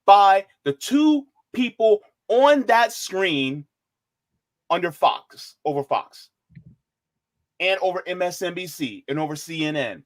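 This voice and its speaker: A man co-hosting a political talk stream, speaking casually and emphatically with slang. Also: fairly high pitch. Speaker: co-host. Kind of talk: political talk show commentary.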